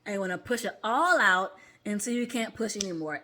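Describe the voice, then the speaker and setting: A woman therapist and mindfulness coach talking casually to viewers, often checking in with a quick "okay?" and demonstrating deep breaths aloud. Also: expressive, bright, forceful tone. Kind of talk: casual instructional vlog.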